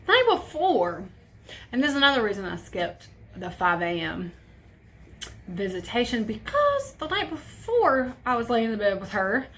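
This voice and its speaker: A woman's voice: a little high, very animated, normal speed, a bit bright, a little hiss or hum. A young woman telling a personal story on a vlog, casual and profane, with emotion in her voice. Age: young adult. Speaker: vlogger.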